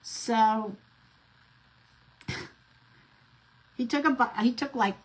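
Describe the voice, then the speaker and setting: A middle-aged craft vlogger with a fairly high voice draws out her words while chatting through stories as she works, captured on a low-quality recording. She rambles, with plenty of fillers and restarts.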